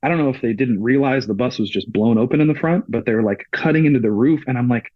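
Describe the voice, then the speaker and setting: A man's voice: mid-range voice, fast talker, no echo. Man, dry close sound, slightly dull lo-fi audio, casual storytelling, keeps retelling what he said. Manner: retells events with frequent "I was like" quotes. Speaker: touring crew member, podcast guest.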